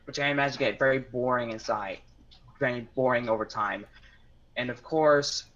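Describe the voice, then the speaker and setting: A man joins a podcast over an online call and speaks in a self-conscious, somewhat halting way. His voice is bright and pointed. The call audio is dull and lo-fi. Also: medium pitch. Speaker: podcast guest.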